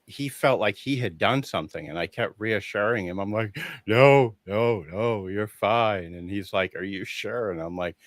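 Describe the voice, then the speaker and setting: Low-voiced man, lively storytelling guest. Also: normal speed, few pauses, dry recording. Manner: animated storyteller who acts out quoted dialogue, laughing often. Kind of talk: casual conversation.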